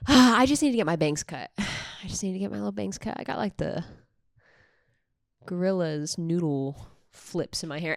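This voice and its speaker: A woman's voice: mid-range voice, very animated, normal speed, no echo, studio quality. A young woman vlogging casually into a microphone, gushing and swearing freely. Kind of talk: casual chat. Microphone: handheld microphone.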